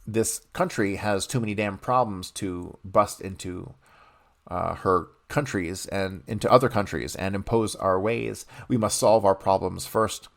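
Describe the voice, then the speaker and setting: A man's voice: fairly low pitch, unhurried, creaky. A man reading a book aloud on a podcast, stopping now and then to comment bluntly.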